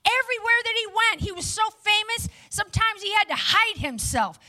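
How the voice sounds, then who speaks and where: Woman preacher, very high and bright, energetic sermon delivery. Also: brisk. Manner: energetic and lively, chatty asides to the audience. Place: before a live audience.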